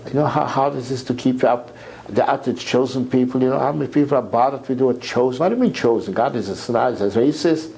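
A man giving an impassioned sermon lecture, repeating words as his voice climbs to near shouts. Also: medium pitch, fast talker, gravelly, poor audio. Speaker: rabbi lecturer.

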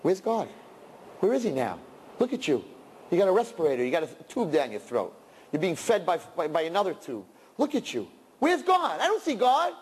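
A man's voice: very animated, brisk, husky, long reverb tail, exaggerated voice. A man voicing a taunting male tempter spirit that mocks a dying person. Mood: mocking. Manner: mocking, jeering, rising to shrill cries.

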